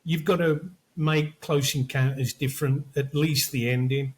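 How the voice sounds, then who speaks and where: A man's voice: fairly high pitch, fairly even intonation, measured pace, rough recording. An older man, chatting casually as podcast co-host and retelling film stories. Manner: storytelling, acts out quotes from films. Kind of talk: casual chat.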